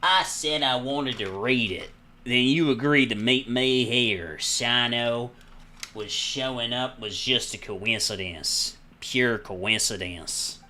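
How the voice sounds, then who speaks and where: Man doing a slow drawling young lawman. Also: mid-range voice, pushed and bright, slight background noise. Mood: evasive. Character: laid-back young man, mock lawman swagger. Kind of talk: reading game dialogue aloud in voices.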